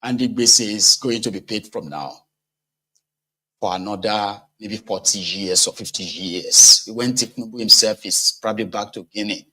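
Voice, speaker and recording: A man's voice: fairly low pitch, moderate pace, bright, forceful tone, rough recording. A man with a Nigerian accent giving casual political commentary, talking conversationally and asking rhetorical questions.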